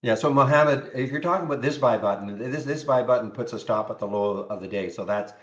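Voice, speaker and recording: Hosting a live trading room, this man talks casually over charts and answers viewers, often repeating words. His mid-range voice is brisk with a fairly bright tone. The recording is muffled, and the clip is live stream commentary on charts.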